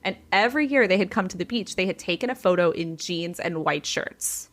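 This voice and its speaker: A woman's voice: lowish voice, a little fast. A woman hosting a podcast, casually telling a family gossip story and acting out the people in it, saying "like" a lot. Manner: animated storyteller who acts out the people in her story; chatty, heavy use of "like". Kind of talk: casual chat.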